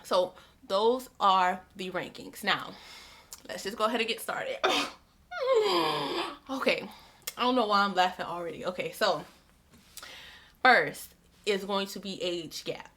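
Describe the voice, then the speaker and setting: Young female book vlogger, bright voice, loose chatty delivery. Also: mid-range voice, measured pace, pauses often. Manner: chatty, repeats herself, many "like" fillers. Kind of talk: casual chat.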